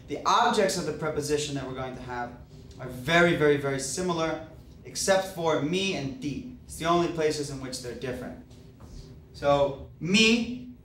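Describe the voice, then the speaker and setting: A man teaching a Spanish grammar lesson, explaining step by step with patient fillers. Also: fairly high pitch. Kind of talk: recorded classroom lecture. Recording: echoey room, voice far from mic, faint hiss.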